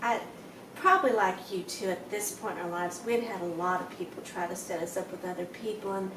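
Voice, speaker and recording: A woman's voice: on the low side, brisk, a bit bright, slight background noise. A woman casually chiming in and teasing as she and her husband tell how they met. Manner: chimes in, teasing, laughs often. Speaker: wife telling the story with her husband. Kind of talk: casual chat. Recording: roomy echo, distant mic.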